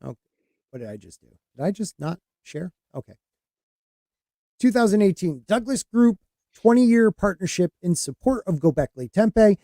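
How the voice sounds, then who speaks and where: A man's voice: high voice, sing-song, moderate pace, pauses often, mellow, dry recording, studio quality. A man hosting a podcast, talking in a casual, rambling way with lots of fillers and restarts. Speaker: podcast host.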